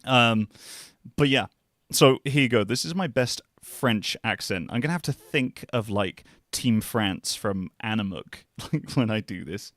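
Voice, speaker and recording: A man's voice: lowish voice, lively intonation, a little slow, fairly bright tone, no room sound, clean studio sound. Joking, chatty male streamer. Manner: joking, self-deprecating, chatty with viewers. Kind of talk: casual game-stream chat. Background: game music.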